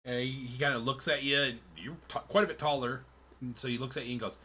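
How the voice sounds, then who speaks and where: A man's voice: medium pitch, steady tone, fast, bright, forceful tone, breathy edge. A man narrating a tabletop game as game master, in a loose, rambling way with many fillers.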